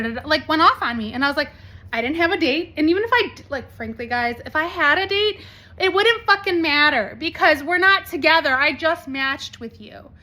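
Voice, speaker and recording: A woman in her forties with a bright, high-pitched voice talks straight to camera. She is blunt and animated, with swearing scattered through her talk. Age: 40s. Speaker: vlogger.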